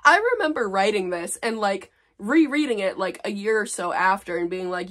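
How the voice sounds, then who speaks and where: A woman's voice: medium pitch, moderate pace, hardly any pauses, fairly bright tone. A woman in her twenties reading her old fanfic aloud, with sarcastic, self-mocking commentary. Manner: sarcastic, exasperated, laughing at herself. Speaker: vlogger.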